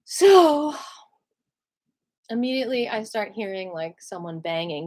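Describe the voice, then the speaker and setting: Woman, vlogger, storytime, chatty, laughs a lot, filler words, slightly high voice. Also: measured pace. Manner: animated retelling with many fillers. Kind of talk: storytime vlog.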